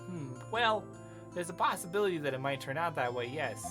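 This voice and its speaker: A calm, gentle older-sister lawyer, read by a streamer in an even, measured, near-natural voice. Game music plays clearly in the background. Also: mid-range voice, lightly acted. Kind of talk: reading game dialogue aloud.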